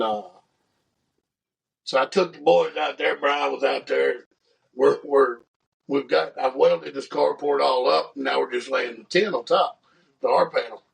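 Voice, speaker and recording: Casting: middle-aged father on a podcast, very gravelly voice, halting delivery, mic a bit distant. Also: medium pitch. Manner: halting, measured retelling. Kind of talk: casual storytelling chat. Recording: voice slightly far from mic.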